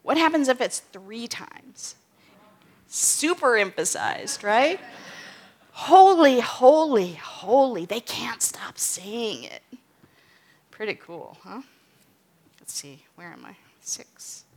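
A woman's voice: medium pitch, big pitch swings, takes it slowly, a bit bright, a little hiss or hum. A woman teaching from the Bible in a casual way, often checking in with "okay?" and "right?". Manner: reads scripture aloud with emphasis, then explains casually with "okay?" and "right?".

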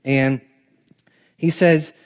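A man's voice: on the high side, steady tone, very slow, highs cut off. A man teaching a Bible class in a casual way, reading scripture aloud and then explaining it in plain words.

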